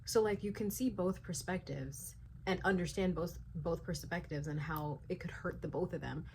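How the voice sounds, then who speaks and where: A young woman vlogging her reactions to a book, animated and ranting, full of "like" fillers and the odd swear. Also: lowish voice, normal speed, slight background noise. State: sleepy late at night. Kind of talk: casual reading vlog reactions.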